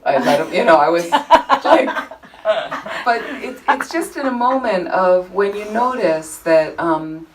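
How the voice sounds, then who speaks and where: A woman leading a Buddhist study group, telling anecdotes in an informal, animated way. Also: on the low side, measured pace, recorded from a distance, poor audio. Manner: chatty, animated storytelling with frequent laughter. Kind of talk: informal teaching talk with anecdotes. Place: group meeting room.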